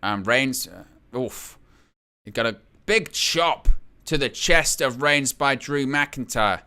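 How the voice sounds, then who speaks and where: Guy doing live wrestling play-by-play, bright punchy voice, yells at big hits. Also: medium pitch, takes it slowly, clean tone. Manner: excitable, exclaims at big hits, reads chat aloud. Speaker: wrestling watch-along host.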